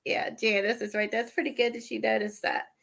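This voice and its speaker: A woman chatting casually on an art livestream, a little out of breath and stuffy, rambling with halting fillers and restarts. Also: fairly high pitch, little pitch movement, gravelly, a bit bright. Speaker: guest showing art supplies.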